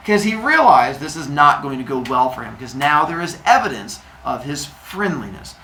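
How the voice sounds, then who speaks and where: A male teacher telling a myth to his class in a playful, animated storytelling manner. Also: on the high side, moderate pace, a little hiss or hum. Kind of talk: storytelling lesson. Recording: echoey room, distant mic.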